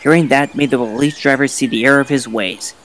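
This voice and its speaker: A man narrating a children's storybook in an even storytelling manner. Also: medium pitch, fast talker. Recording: narration with music bed.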